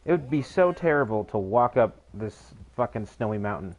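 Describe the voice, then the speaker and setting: A man's voice: lowish voice, animated, normal speed, a little mellow. A young man commenting casually while playing a video game, joking and swearing often. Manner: profane, joking. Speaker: gamer. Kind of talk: casual let's play commentary.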